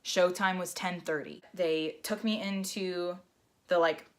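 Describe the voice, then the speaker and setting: A young woman telling a personal story in a vlog, animated and acting out the voices she quotes. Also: on the low side, unhurried. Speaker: vlogger.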